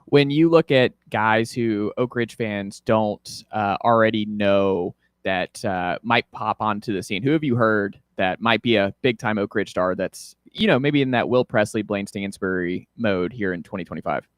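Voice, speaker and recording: A man's voice: lowish voice, normal speed, hardly any pauses, no echo, clean studio sound. A man hosting a sports talk show, asking eager, upbeat questions of a guest. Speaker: show host.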